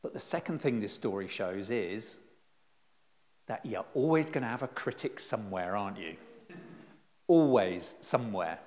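A middle-aged man giving a conversational, lively sermon with self-deprecating humor, recorded in a church. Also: lowish voice, moderate pace, long pauses. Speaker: preacher. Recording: long reverb in a church hall.

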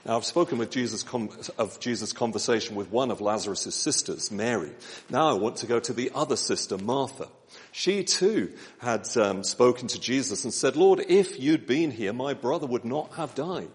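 Male preacher, measured and gentle sermon delivery, mid-pitched voice, long church reverb. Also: animated. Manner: gentle, measured, with slow emphatic pauses.

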